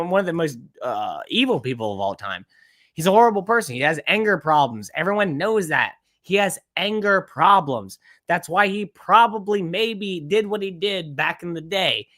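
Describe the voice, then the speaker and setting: A male podcast host reacts to a clip in casual, profane rants. His pitch swings up and down a lot as he gets worked up. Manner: ranting, profane, animated.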